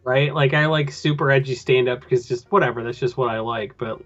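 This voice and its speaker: A man's voice: medium pitch, brisk, a bit bright, dull audio, faint music behind. A man chatting casually about a film as a podcast host, rambling with lots of filler. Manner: rambling, loose with filler words. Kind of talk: casual chat.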